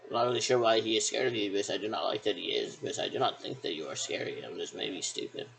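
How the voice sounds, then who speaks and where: A man's voice: fairly low pitch, expressive, fast talker, gravelly, a bit bright, slight background noise, rough recording. A man talking in a rambling, repetitive monologue that keeps circling back on itself with hesitant restarts.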